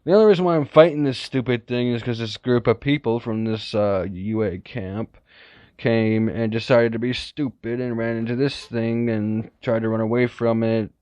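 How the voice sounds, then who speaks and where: A man playing a cocky young male hero who rambles in fast, slang-filled bursts. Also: medium pitch, fairly even intonation, darkish tone, clean tone, no echo, lightly acted. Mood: tired. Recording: dull, lo-fi, dry recording.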